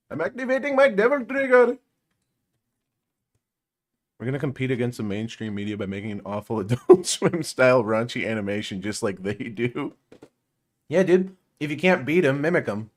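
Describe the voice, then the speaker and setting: A man's voice: mid-range voice, expressive, brisk. A man co-hosting a casual podcast, sarcastic and crude, swearing and laughing often as he reacts to a video. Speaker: podcast co-host.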